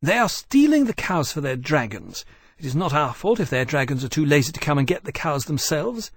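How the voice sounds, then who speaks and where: A man voicing a smug, impatient young female dragon in an audiobook, with a high, sharp delivery. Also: very animated, a little fast, breathy edge, no echo, heavily acted.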